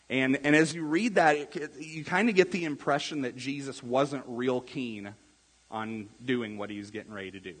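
A man with a slightly husky voice gives a relaxed, chatty sermon, slipping into little acted-out quotes as he goes. His voice rings with the long reverb of a church hall. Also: medium pitch, normal speed. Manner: casual, conversational, acts out quotes. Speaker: pastor.

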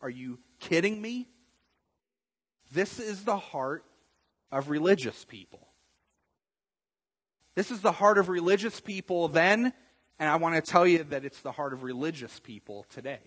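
A man preaching a sermon as pastor, building up to emphatic, forceful bursts. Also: on the high side, moderate pace, pauses often, breathy edge, in a large hall, poor audio.

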